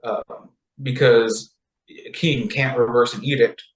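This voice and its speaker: Casual male podcast co-host, animated storyteller, mid-pitched, echoey room. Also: slow. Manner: animated, acts out characters' lines in high voices. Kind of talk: casual chat retelling a story.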